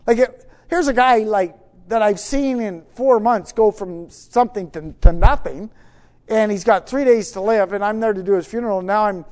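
A man preaching, telling a story with many restarts, swinging from hushed to loud. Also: sits high, normal speed. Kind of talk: sermon storytelling.

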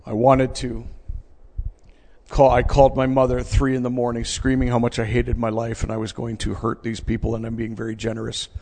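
A middle-aged man tells his personal story to a live audience in a gravelly voice. His earnest testimony drops to near-hushed passages and rises again to loud ones. His words ring out with the long reverb of a large hall. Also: mid-range voice, completely flat delivery, brisk. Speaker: speaker giving a personal testimony.

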